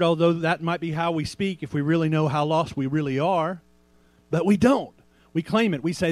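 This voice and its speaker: A man pastor preaching a sermon in a conversational way, asking rhetorical questions and slowing down to stress quoted scripture. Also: a little high, a little mellow, no room sound.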